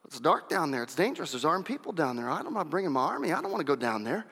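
A man's voice: a little high, very animated, fast talker, vocal fry, fairly bright tone, breathy edge, pitched below the performer's own voice, full character voice. A man preaching who voices a fearful, doubting male biblical warrior, hesitant and pleading. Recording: long church reverb.

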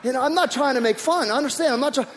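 High-voiced man preaching in a hall. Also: racing. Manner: animated storytelling with many restarts. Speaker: pastor. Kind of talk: sermon.

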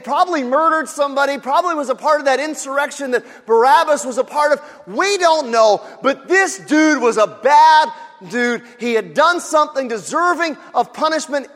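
A man's voice: very high voice, fairly bright tone, big-room sound. A male pastor preaching a sermon in a conversational, emphatic way with rhetorical asides.

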